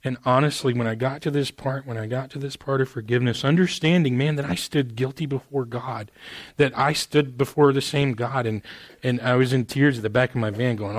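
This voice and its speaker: A man preaching a sermon in a casual, earnest way, dropping "man" into his sentences and moving from hushed stretches to raised, emphatic ones. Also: mid-range voice, steady tone, fairly quick, no room sound. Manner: conversational and earnest, with repeated "man"; swings from quiet intimate passages to raised emphatic ones. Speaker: pastor.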